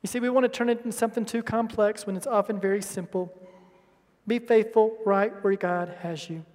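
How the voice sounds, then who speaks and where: A male pastor delivers a sermon with passion, rising into loud, emphatic bursts and then dropping to hushed asides. His voice sits very high for a man. A long reverb hangs behind every line, as in a large church sanctuary. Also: fairly even intonation, a little fast.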